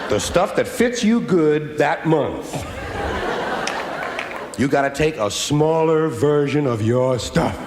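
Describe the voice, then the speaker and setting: A man performing a stand-up routine with a wry, rhythmic delivery built on repeated lines. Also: a little high. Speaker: stand-up comedian. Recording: roomy hall recording with hiss.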